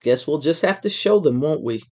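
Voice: medium pitch, lively intonation, normal speed, a little mellow, natural voice. A storyteller voicing a cheerful mother greeting her sons in a children's book reading.

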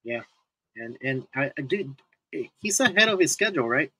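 A man's voice: medium pitch, big pitch swings, normal speed, pushed and bright, slightly rough, dry recording, rough recording. A man co-hosting a casual fantasy baseball podcast, laughing often and restarting his sentences. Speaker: podcast co-host. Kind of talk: casual sports chat.

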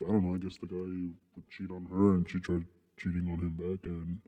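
A young man with a very deep, flat, mellow voice, talking in a halting, deadpan way. A long reverb hangs on every line. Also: muffled recording. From Southern California. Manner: halting, repeats words, deadpan. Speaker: podcast co-host. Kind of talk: crude casual banter.

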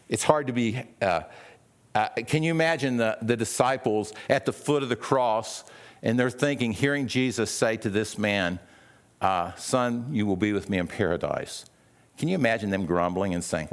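A man's voice: on the low side, normal speed. A male pastor preaching a sermon in a conversational way, often repeating words and acting out quoted voices.

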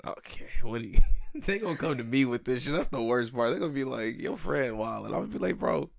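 A man's voice: medium pitch, lively intonation, vocal fry, no echo, studio quality. A young man co-hosting a podcast, joking around and playfully protesting. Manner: joking, teasing and quick to protest. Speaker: podcast co-host. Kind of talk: casual chat.

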